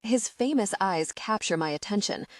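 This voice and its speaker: Woman narrator, young adult, first-person audiobook, expressive, measured, mid-pitched, dry close recording. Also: dry recording.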